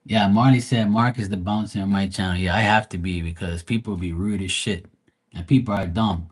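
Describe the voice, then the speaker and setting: This tarot-reading streamer has a low-pitched, slightly rough voice with a steady tone, and he speaks a little fast. Chatting casually with his livestream audience, he rambles in a blunt, profane, slang-heavy way.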